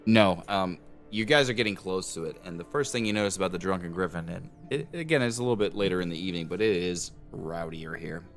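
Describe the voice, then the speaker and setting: A man's voice: low voice, fast talker, hardly any pauses, soft background music. A man narrating a tabletop fantasy game as game master, rambling with fillers. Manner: relaxed, rambling, with many fillers.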